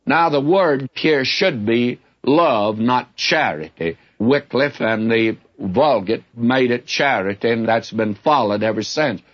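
An older man teaches scripture in a plain, middle-pitched voice, speaking in a candid, folksy way. The recording sounds somewhat muffled and lo-fi, like an old broadcast tape. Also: animated, takes it slowly, hardly any pauses. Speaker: Bible teacher. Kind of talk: Bible teaching sermon. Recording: dull lo-fi recording.

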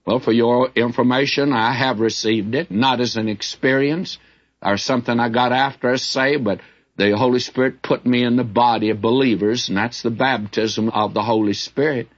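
An older man teaches scripture in a plain, middle-pitched voice, speaking in a candid, folksy way. The recording sounds somewhat muffled and lo-fi, like an old broadcast tape. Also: fairly even intonation, normal speed. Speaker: Bible teacher. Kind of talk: Bible teaching sermon. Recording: dull lo-fi recording.

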